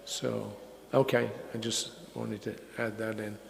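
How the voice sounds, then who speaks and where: An older man giving a religious lecture and answering questions. He tells stories in an unhurried way, with many fillers. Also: lowish voice, level tone, creaky. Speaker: speaker at a religious festival. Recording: echoey hall with faint noise.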